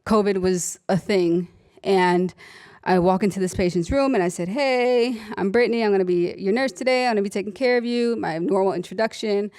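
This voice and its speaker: Animated woman telling nurse stories. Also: medium pitch, a little fast, clear, resonant tone. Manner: animated storytelling, voices her patients, laughs often. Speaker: author and emergency room nurse. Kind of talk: conversational book talk.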